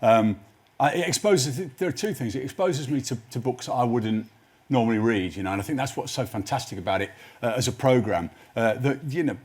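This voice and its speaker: A husky-voiced man tells long, meandering stories as a guest on a live studio chat show. He stumbles over his words and restarts his sentences as he goes. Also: mid-range voice, fairly quick, a little mellow. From Nottinghamshire, England. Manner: rambling, self-interrupting storyteller. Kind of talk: anecdotal chat show interview.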